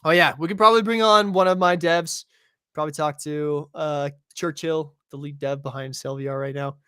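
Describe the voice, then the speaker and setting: Young guy rambling on his podcast, jokes about himself, bright voice, dry sound. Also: a little high, steady tone, normal speed, clear, resonant tone, dry recording. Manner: rambling, self-deprecating. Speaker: podcast host. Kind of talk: casual chat.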